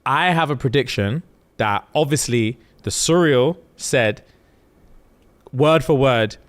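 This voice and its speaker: A young man, casually retelling a book plot on a podcast with lively, animated delivery. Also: mid-range voice, takes it slowly. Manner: animated storyteller, jumps into loud acted quotes. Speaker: podcast co-host. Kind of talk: casual chat, retelling a book with acted voices.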